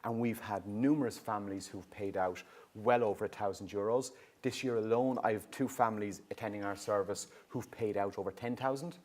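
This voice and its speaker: Irish man, lower voice, middle-aged, public talk, lively, explains step by step, keeps asking "okay?". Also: a little fast. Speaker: youth drug and alcohol service worker.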